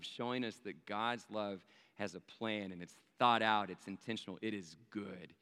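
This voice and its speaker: Male pastor, bright forceful voice, conversational sermon style with frequent tag questions, reverberant sanctuary. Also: mid-range voice, clear, resonant tone. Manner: chatty, checks in with the audience using tag questions. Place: church sanctuary. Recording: long reverb of a large hall.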